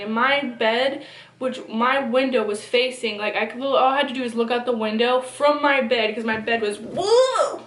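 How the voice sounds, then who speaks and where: A young woman casually telling a personal story to her camera, animated and swearing freely, with lots of fillers. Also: on the high side, echoey room. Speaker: vlogger. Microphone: camera on a phone or small camera.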